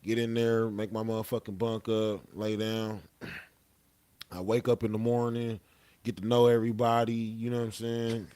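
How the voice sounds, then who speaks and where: A man's voice: lowish voice, level tone, moderate pace, mellow, clean tone. A young man telling a story casually as a podcast guest, laid-back and profane, often tagging lines with "you know what I'm saying.".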